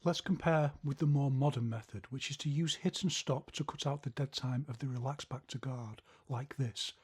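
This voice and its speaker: Husky-voiced man teaching martial arts. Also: medium pitch, normal speed. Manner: explanatory, counts punch rhythms aloud. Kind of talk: instructional video narration.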